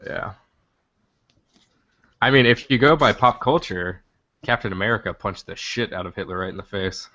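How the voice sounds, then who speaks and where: A young man with a lowish voice tells stories on a casual podcast, getting animated and swearing freely as he goes. The sound is dry and a little dull, like a cheap home setup. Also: normal speed, long pauses, dry recording. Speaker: podcast co-host. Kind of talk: casual chat.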